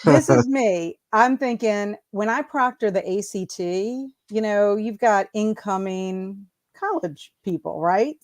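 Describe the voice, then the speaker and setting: Woman, fifties, educator, animated storyteller, laughs often, video call. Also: medium pitch, slow, few pauses. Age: 50s. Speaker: school proctor and educator. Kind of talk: casual video call chat.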